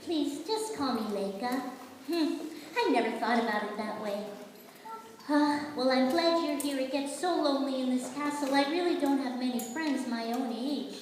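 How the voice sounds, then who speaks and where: A woman voicing a gentle, kind young princess in a live puppet show. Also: high-pitched, moderate pace, slight background noise, natural voice. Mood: warm. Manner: sweet, eager and kind. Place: school auditorium. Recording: echoey hall from far off.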